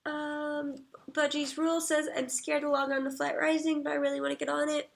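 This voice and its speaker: A woman livestreaming, chatting casually, reading viewer comments aloud and murmuring soft asides. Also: sits high, level tone, brisk, creaky.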